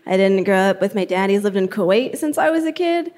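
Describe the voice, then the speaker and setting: A young woman from New Jersey performs a stand-up set into a stage mic. Her delivery is dry and deadpan, loose with fillers, at an ordinary middle pitch. Faint room noise sits under her voice. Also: a little fast. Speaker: stand-up comedian. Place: comedy club stage.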